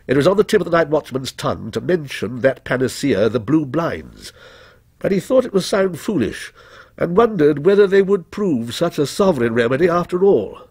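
A man narrating a ghost story in a measured, expressive storytelling manner. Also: on the high side, breathy edge, no room sound, clean studio sound. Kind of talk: scripted ghost story reading.

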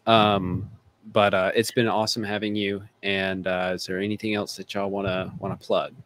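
A man's voice: low voice, flat delivery, normal speed, fairly bright tone. Guy hosting a podcast, chill chat, laughs a lot. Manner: laughs often while joking. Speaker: podcast host. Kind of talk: casual chat.

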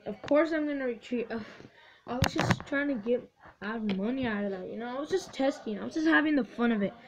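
A woman giving excitable, swearing let's-play commentary, cheering on her units. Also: fairly high pitch, fairly quick. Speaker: gamer. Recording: dull lo-fi recording with faint hiss.

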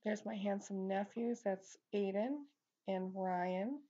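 A woman's voice: mid-range voice, slow, dark tone, muffled recording. A middle-aged woman talking casually to her viewers as a beauty vlogger, upbeat and chatty with lots of ums and likes. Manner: chatty, upbeat, many fillers. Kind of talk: casual vlog chat.

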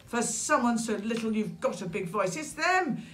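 A woman's voice: fairly high pitch, expressive, normal speed, lightly acted. A woman voicing a sly, greedy male fox who giggles and sneers at his prey in a storybook. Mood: menacing. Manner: gleeful, sneering, teasing.

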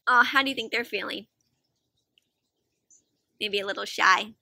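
A woman reading aloud to children with a high, very bright voice, animated and full of questions to her young listeners. The recording is close and dry, with no room sound at all. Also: slow, vocal fry, long pauses, no echo. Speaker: children's storyteller. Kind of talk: interactive read-aloud for kids.

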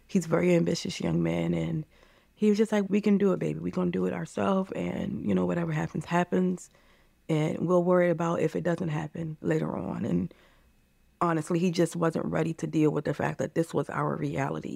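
Podcast guest: woman, 30s, earnest and candid, gravelly edges, dry close mic. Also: sits low, dark tone, no echo. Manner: earnest, emotional, repeats phrases. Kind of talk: candid interview.

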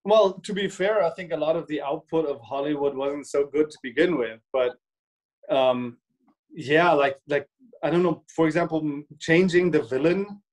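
Male co-host, slightly raised pitch, halting, restarts often, voices imagined remarks. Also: a little mellow, poor audio. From Germany. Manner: hesitant with many restarts, acts out imagined quotes. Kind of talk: casual discussion.

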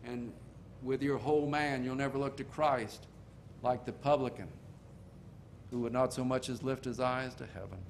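Older preacher telling folksy stories. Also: male voice, medium pitch, steady tone, slight background noise. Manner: folksy storytelling preaching, slowing for emphasis. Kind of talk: sermon.

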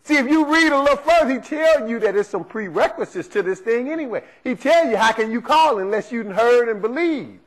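High-voiced man preaching with emphasis. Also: lively intonation, fairly quick, hardly any pauses, rough recording. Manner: emphatic, asks the congregation rhetorical questions. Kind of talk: sermon.

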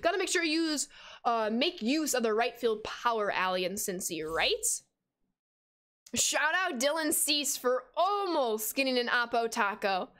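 A young woman in her twenties streaming a baseball video game, chatting with viewers and reacting with sudden excited squeals. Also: a little high, measured pace. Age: 20s. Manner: chatty, reads out and answers chat while playing. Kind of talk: casual game stream chat.

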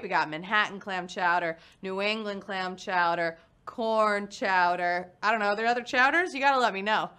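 A woman's voice: on the high side, bright, forceful tone, clear, resonant tone. A young woman hosting a live quiz show, playful and punny, chatting with her players. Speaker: game show host. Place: studio in New York.

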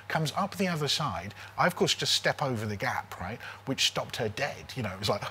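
Animated comedian man in his forties. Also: medium pitch, a little fast, few pauses, a little hiss or hum. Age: 40s. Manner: animated, keeps tagging lines with "right?". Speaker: comedian guest. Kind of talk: casual comic storytelling.

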